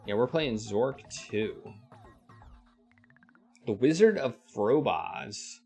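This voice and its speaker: Man, low gravelly voice, live game stream, reading text aloud, faint music behind. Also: animated, slow pace, a little mellow. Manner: thinks aloud, reads game text, greets chat.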